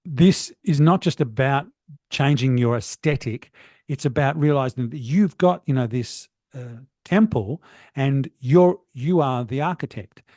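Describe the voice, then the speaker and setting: A man's voice: mid-range voice, unhurried, darkish tone, no room sound, clean studio sound. A middle-aged man who is a guest on a podcast, talking earnestly about wellness coaching. He rambles with many fillers. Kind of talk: motivational podcast conversation.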